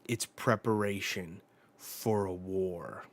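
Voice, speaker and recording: A man reading a calm, seasoned pirate captain. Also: sits low, takes it slowly. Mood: earnest.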